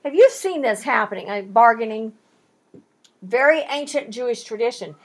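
A woman leads a Bible study with a lively, expressive delivery. Her voice sits high and a little breathy, and it swoops up and down as she acts out both sides of an old bargain. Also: moderate pace. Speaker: Bible teacher. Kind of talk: animated Bible study teaching.

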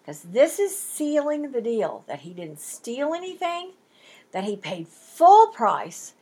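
Breathy, lively woman teaching Bible study. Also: sits high, takes it slowly. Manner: lively, acts out the haggling in quoted voices.

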